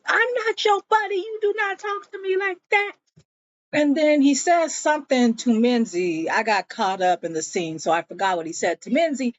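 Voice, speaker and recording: A woman's voice: fairly high pitch, no room sound, lo-fi sound. A woman casually recapping a TV episode in a chatty, blunt way, swearing freely. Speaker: show recap vlogger.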